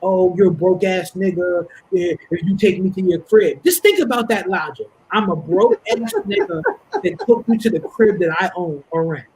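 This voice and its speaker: A man from Harlem, telling stories in an animated, laughing way as a podcast guest. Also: sits high, moderate pace, slightly rough, low-quality recording. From Harlem, New York. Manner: animated storytelling, laughing often. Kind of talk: casual podcast chat.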